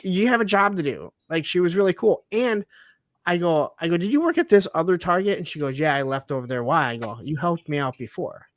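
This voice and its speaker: A man's voice: fairly high pitch, a little fast, no echo. A man telling a story in a casual group chat, stammering on restarts and swearing now and then. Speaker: podcast co-host.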